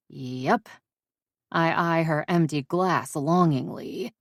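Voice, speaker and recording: A woman narrating a first-person romance audiobook in a measured, intimate way. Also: deep voice, animated, no echo, studio quality.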